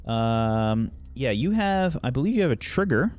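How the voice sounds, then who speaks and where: A man's voice: mid-range voice, very animated, moderate pace, a little mellow. A man running a tabletop role-playing game as game master, narrating loosely with many fillers. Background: faint background music.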